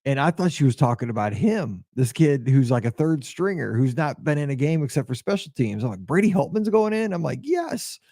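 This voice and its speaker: A man hosting a podcast, telling a story in a casual, excitable and openly emotional way, with lots of restarts. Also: medium pitch, a little fast, few pauses, no room sound, studio quality. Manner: excitable, rambling sports storyteller. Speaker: podcast host.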